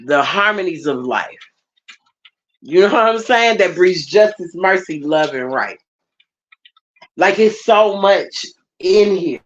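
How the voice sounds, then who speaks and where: A woman's voice: on the low side, animated, slow, long pauses. Emphatic woman preaching, lo-fi. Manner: emphatic, repeats phrases, talks directly to the congregation. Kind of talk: sermon.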